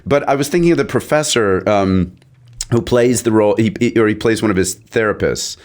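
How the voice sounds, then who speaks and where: A man's voice: on the low side, brisk, a little mellow. A man chatting as a podcast guest, rambling and stopping to search for words mid-sentence. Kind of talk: casual chat.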